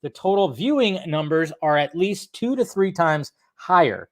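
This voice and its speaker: A man's voice: a little high, expressive, moderate pace. A man hosting a casual live stream, greeting viewers by name and rambling in a jokey way.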